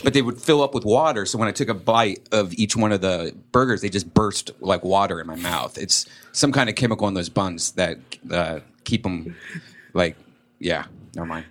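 A man's voice: low-pitched, moderate pace. A man in a casual chat, telling rambling, chatty anecdotes.

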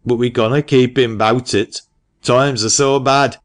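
A man voicing a humble, careworn old male tradesman with a Lancashire dialect, talking slowly and earnestly in an audiobook. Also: medium pitch, fairly even intonation, pitched above the performer's own voice, natural voice. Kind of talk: audiobook character reading.

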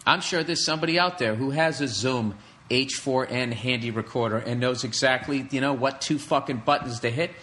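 A man's voice: medium pitch, brisk, fairly bright tone. A man hosting a podcast, ranting alone in a sarcastic, profane comedic way. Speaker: podcast host. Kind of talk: solo comedic rant.

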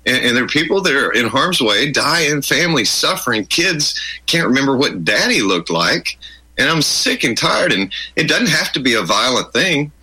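Bright, husky, emphatic man. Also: mid-range voice, sing-song, normal speed, low-quality recording. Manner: emphatic, storytelling, repeats words. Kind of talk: conversational interview.

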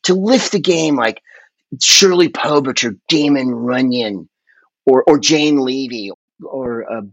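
A man's voice: medium pitch, takes it slowly, no echo, lo-fi sound. A man from the Bay Area chatting as a podcast guest, rambling and emphatic, swearing freely. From San Francisco Bay Area. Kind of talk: casual conversational storytelling.

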